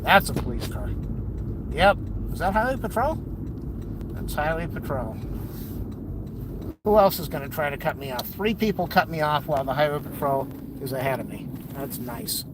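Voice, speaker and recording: A man's voice: fairly high pitch, lively intonation, moderate pace, long pauses. A middle-aged man, tearful and emotional, rambling to a phone while he drives his car. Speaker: vlogger. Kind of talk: rambling monologue while driving. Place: inside a car while driving. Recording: car and road noise.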